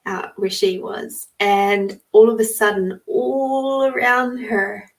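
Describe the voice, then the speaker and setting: A woman's voice: medium pitch, steady tone, takes it slowly, recorded from a distance. Chatty woman telling a story. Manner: chatty and rambling, greets viewers mid-story. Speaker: podcast host giving live readings. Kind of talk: casual storytelling on a live stream.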